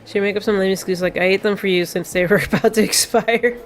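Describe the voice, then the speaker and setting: A woman reading aloud the lines of a quiet, grieving teenage boy from a video game, in her own plain voice. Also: medium pitch, steady tone, fast, soft background music, close to an everyday voice. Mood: wistful.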